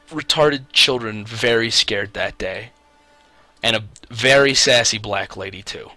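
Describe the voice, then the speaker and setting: Bright-voiced young man telling a story. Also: mid-range voice, moderate pace, no echo, faint music behind. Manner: laughing, rambling with fillers and restarts. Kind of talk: casual storytelling.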